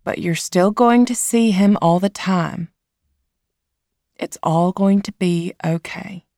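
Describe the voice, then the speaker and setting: A woman voicing a gentle, weary middle-aged mother who speaks softly and earnestly in a storybook reading. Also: on the low side, takes it slowly, no room sound, studio quality.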